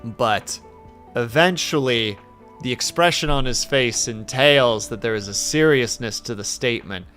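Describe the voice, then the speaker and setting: A man streaming and telling stories in casual chat, animated and quick to swear. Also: medium pitch, faint music behind.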